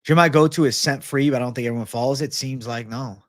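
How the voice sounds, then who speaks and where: A man's voice: mid-range voice, quick pace, a bit bright, no echo. Livestream host, male, swears constantly, rants, dry booth-like sound. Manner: profane, ranting, reads viewer comments. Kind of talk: casual livestream Q&A.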